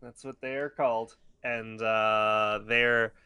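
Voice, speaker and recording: A man's voice: on the low side, flat delivery, takes it slowly, sharp tone, smooth, dry recording. A man co-hosting a podcast, casually recapping a cartoon episode in a rambling, explaining way. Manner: rambling, restarts, detailed explainer. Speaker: podcast co-host.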